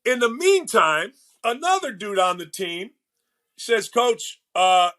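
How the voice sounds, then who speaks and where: A middle-aged man with a high, bright and forceful voice tells animated stories from his coaching days. He slips into the voices of the people he quotes. It is loose, conversational podcast talk. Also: a little slow. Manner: lively anecdotes, acts out quoted people. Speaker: podcast guest, former basketball coach and broadcaster. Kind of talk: animated storytelling in a casual interview.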